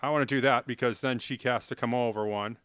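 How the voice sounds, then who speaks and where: A man's voice: medium pitch, steady tone, fast, fairly bright tone, clean tone, no echo. A man chatting on a live stream while playing chess, rambling and self-mocking and cracking silly jokes. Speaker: livestreamer.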